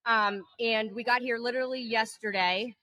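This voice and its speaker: A jet-lagged woman co-hosting a podcast, chatting casually and telling animated, profane stories. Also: a little high, moderate pace, no room sound. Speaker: podcast co-host. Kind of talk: casual chat. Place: indoors at a table.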